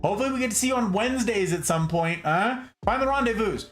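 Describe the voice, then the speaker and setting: A man hosts a late-night stream from home, talking to his chat in a playful, animated way. His pitch swings widely from line to line. Soft music plays faintly behind him. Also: quick pace. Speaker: livestream host.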